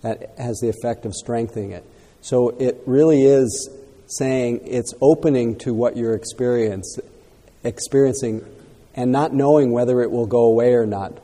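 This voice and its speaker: A man leading a meditation Q&A, gently repeating a student's words back for the group. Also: mid-range voice, steady tone, normal speed, big-room sound. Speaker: meditation teacher. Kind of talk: dharma talk Q&A.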